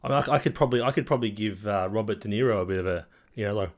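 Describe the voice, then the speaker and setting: A man's voice: fairly low pitch, very fast. A man co-hosting a podcast in an easygoing, teasing way. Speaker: podcast co-host. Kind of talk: casual comedic chat.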